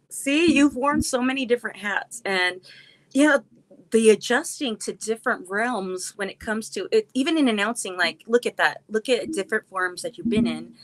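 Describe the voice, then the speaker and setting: A woman's voice: on the high side, moderate pace, poor audio. A woman hosting an interview, upbeat and encouraging toward her guest. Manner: upbeat, encouraging, laughs along. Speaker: podcast host. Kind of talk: casual interview chat.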